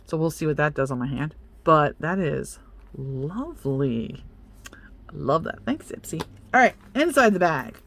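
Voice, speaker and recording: Chatty and playful, a young adult beauty vlogger jokes about themself while unboxing and talks directly to the products. They speak fairly quickly at medium pitch with big pitch swings and a fairly bright tone, in a self-mocking manner.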